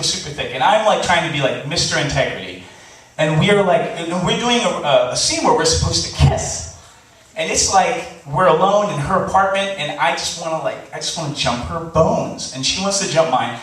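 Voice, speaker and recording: A man telling a funny personal story on stage before a live audience, animated and laughing, acting out the voices he quotes. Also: fairly high pitch, recorded from a distance. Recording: echoey live hall recording, faint hiss.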